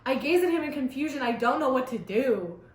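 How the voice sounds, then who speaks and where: A woman's voice: high-pitched, animated, fairly quick. A teenage girl reading her old fan story aloud, breaking off for sarcastic, chatty asides. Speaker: vlogger. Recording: roomy echo.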